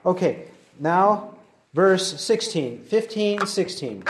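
A man teaching verse by verse through a Bible passage, reading verses slowly and deliberately. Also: on the high side, animated, darkish tone, a little hiss or hum. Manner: deliberate, slows to read verses aloud. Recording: roomy echoey recording.

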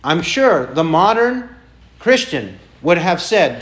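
A man preaching a sermon in a fairly high voice. He talks slowly and with emphasis, asks his listeners question after question and repeats key phrases to drive them home. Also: big pitch swings, a bit bright. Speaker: pastor.

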